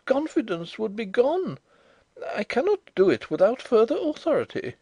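A man's voice: sing-song, normal speed, mellow, slightly rough, dry recording, heavily acted. A man reading the part of a fussy, anxious male bank manager who stammers when upset. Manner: agitated, stammering, high-strung.

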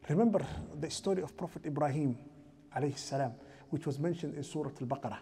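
A man's voice: a little high, quick pace, dark tone, slight background noise. A man giving a mosque lecture as imam, asking the audience rhetorical questions and chanting scriptural verses in a raised voice.

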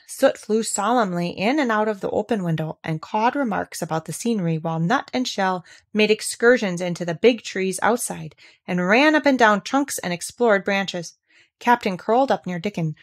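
Woman narrator for a classic storybook, calm and measured. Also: medium pitch. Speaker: audiobook reader.

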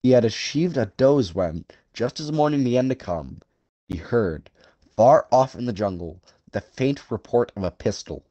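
A male narrator reading a story aloud in a measured, dramatic way, with a lively, wide-ranging pitch. The sound is dry and close to the mic, with no room audible. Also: no room sound, dull audio. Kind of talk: scripted audiobook narration.

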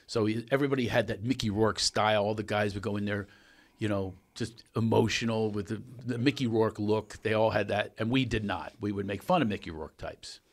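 A man hosting a podcast as a comedian, telling a story in an animated, laughing way. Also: fairly low pitch, a little fast. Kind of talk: casual storytelling chat.

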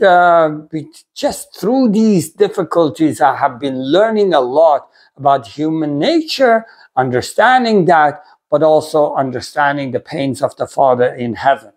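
Man from Iran, earnest halting testimony, fairly high voice, very lively intonation. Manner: earnest, halting, many fillers and restarts. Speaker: pastor, ministry video host. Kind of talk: personal testimony talk.

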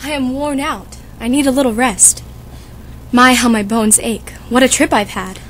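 A woman's voice: a little high, a bit bright, a little hiss or hum, lightly acted. A woman playing a fussy, chatty old nurse who complains and teases, reading for a school audiobook. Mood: complaining. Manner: complaining, teasing, drawn-out.

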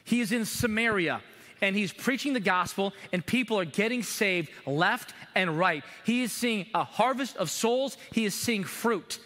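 High-voiced preacher in a reverberant church. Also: male voice, moderate pace. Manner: animated preaching with acted prayers to God. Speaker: pastor. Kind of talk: sermon. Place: church sanctuary. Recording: long hall reverb in a church.

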